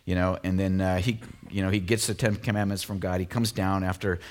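A man preaching a casual, conversational sermon, full of fillers and lively asides. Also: deep voice, brisk. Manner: conversational, animated, many fillers like "you know" and "like". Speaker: pastor.

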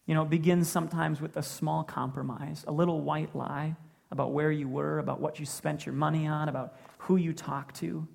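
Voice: mid-range voice, fairly even intonation, moderate pace, creaky, darkish tone. A pastor preaching a sermon in an earnest way, building points through repetition.

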